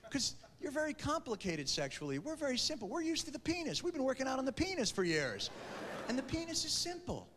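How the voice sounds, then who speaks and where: Animated male comedian in a live hall. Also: very high voice. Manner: animated, acts out characters in quick put-on voices. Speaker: stand-up comedian. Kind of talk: stand-up comedy routine. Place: large theater before a live audience. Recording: live stage recording in a reverberant hall with crowd noise.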